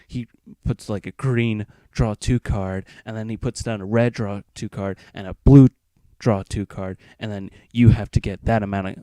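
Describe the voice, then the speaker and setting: Teen vlogger, low mellow voice, rambling profane storyteller, dry close sound. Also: male voice, fairly even intonation, moderate pace, few pauses, no echo. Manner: rambling, profane, acts out friends' lines. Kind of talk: casual storytelling.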